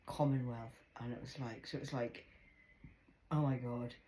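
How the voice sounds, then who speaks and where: English woman in her middle years rambling a story, low voice, swears a lot, goes whispery then loud. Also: steady tone, normal speed, a little hiss or hum. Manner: swearing, drops to hushed whispers, bursts into loud high impressions.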